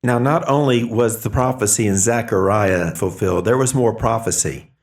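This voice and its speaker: A man in a sermon reading scripture passages aloud in a measured way. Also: on the low side.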